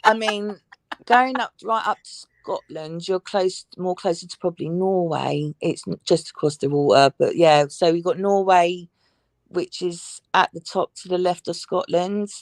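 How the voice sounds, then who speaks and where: A woman's voice: lowish voice, steady tone, measured pace, no echo. A woman from England, chatting casually as a guest and joking about herself with frequent giggles. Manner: chatty, self-deprecating, giggly. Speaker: panel guest. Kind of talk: casual chat on a live stream.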